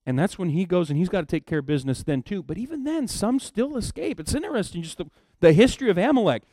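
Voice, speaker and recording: A man preaching a sermon in a casual storytelling way, swinging from low murmurs to loud emphatic bursts. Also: sing-song, dry recording, studio quality. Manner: casual storytelling, acts out characters in quick asides. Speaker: pastor.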